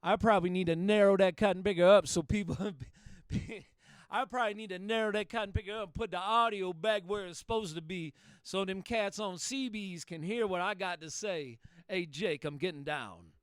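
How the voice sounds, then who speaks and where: A man's voice: sits high, normal speed, smooth, no echo, clean studio sound. A man chatting over CB radio in a folksy, salty way, repeating himself. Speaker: CB radio operator. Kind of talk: CB radio chat.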